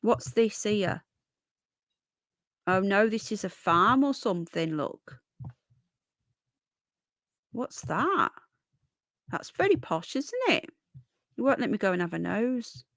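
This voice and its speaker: Woman, live-stream host, mid pitch, talkative and casual, dry close sound. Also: lively intonation, slow, long pauses, a bit bright, no echo. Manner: chatty, thinks aloud, greets viewers by name.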